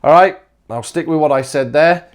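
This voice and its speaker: An Australian man with a voice pitched a little higher than most men's, working through exam solutions as a maths teacher. He talks casually and thinks out loud, correcting himself and tossing in asides like "all right" as he goes. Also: moderate pace. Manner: chatty, informal, talks himself through each step.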